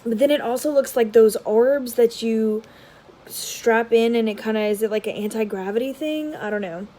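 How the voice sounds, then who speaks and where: A woman vlogger giving casual unboxing commentary, rambling with many filler words and dropping into soft, half-murmured asides. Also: fairly high pitch, moderate pace, a little hiss or hum, poor audio. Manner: drops to a soft whisper at times. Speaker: tarot vlogger.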